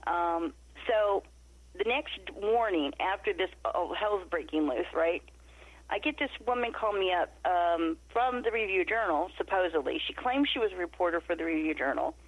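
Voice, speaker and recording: A middle-aged Nevada woman, guesting on a podcast interview, tells a story in a lowish voice at normal speed with no echo. She's animated and acts out the quoted dialogue. The remote audio is muffled and lo-fi.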